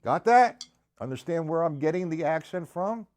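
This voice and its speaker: A man's voice: a little high, expressive, moderate pace, over loud music. A man teaching a live-streamed drum lesson, counting beats aloud and asking viewers to respond.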